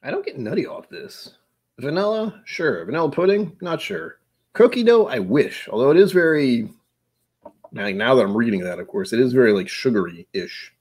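Husky, animated man rambling over whiskey. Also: medium pitch, moderate pace. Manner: rambling, playful, breaks into humming and silly noises. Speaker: whiskey tasting streamer. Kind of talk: casual live-stream tasting chat.

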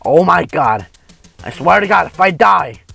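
A man commentating gameplay with a friend, crude and trash-talking, swearing and yelling often. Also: high-pitched, very animated, a little slow, vocal fry, husky, soft background music. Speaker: gamer co-host.

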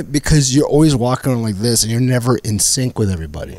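A middle-aged man from Canada, a comedian telling animated stories on a casual podcast and acting out the other people in them. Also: mid-range voice, quick pace. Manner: animated anecdotes with acted-out quotes. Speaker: guest comedian.

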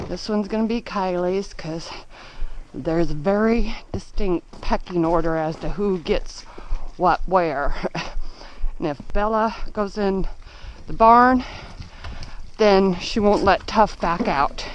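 A woman's voice: mid-range voice, slow pace, poor audio. A woman vlogging her morning farm chores, out of breath as she works, cooing to her animals in a baby voice, recorded outdoors on a handheld camera. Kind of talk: casual vlog narration. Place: outdoors on a muddy farm with horses. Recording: clear background noise outdoors.

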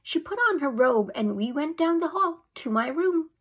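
A woman teacher reading a chapter book aloud to young students, expressive. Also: high-pitched, moderate pace. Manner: expressive storytelling. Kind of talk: read-aloud for children.

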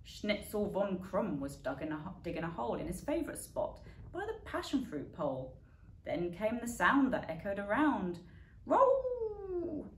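A woman reading a rhyming bedtime story aloud as a lively storyteller who yowls and barks the animal sounds. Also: medium pitch, normal speed. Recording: echoey room with faint background noise.

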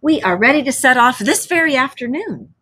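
A woman voicing a boastful, excitable rich male toad in a storybook read-aloud. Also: high-pitched, a little fast, slightly rough, pitched above the performer's own voice, exaggerated voice. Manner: exclaiming, enthusiastic.

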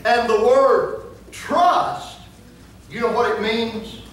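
High-voiced preacher in an echoey church. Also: male voice, takes it slowly, fairly bright tone, far from the mic. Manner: humorous storytelling that rises into emphatic preaching. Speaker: pastor. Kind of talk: sermon. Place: church sanctuary.

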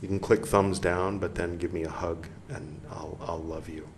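A man's voice: sits low, fairly even intonation, moderate pace, roomy sound, a little hiss or hum. A man hosting a podcast, reading a text aloud and breaking off into rambling, self-mocking jokes. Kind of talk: reading aloud with joking asides.

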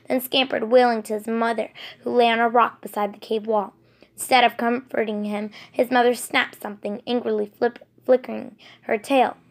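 A woman narrating a storybook in a measured, expressive reading. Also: a little high, gravelly.

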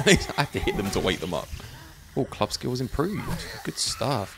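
A man's voice: on the low side, expressive, normal speed, creaky, background noise. A man chatting casually while he plays a zombie survival game, thinking aloud and laughing often. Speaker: gaming YouTuber. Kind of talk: let's play commentary.

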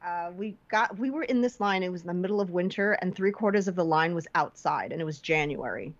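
A woman guest on a casual podcast, telling an animated story and acting out the quotes. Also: a little fast. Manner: animated storyteller, acts out quotes with high pitch jumps. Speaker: guest filmmaker. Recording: slightly dull lo-fi podcast audio.

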